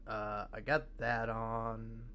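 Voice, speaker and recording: A man in his forties with a gravelly smoker's voice, giving rambling, self-mocking, profane commentary while streaming a game. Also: on the low side, completely flat delivery, slow, pushed and bright, slight background noise. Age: 40s. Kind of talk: casual gameplay commentary.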